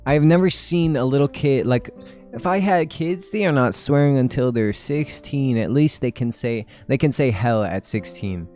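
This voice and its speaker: A man in his twenties rambles through casual chat on his stream, laughing often. His voice sits in a mid range. Faint music plays quietly behind him. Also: mid-range voice, normal speed. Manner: rambling and chatty, with frequent laughs.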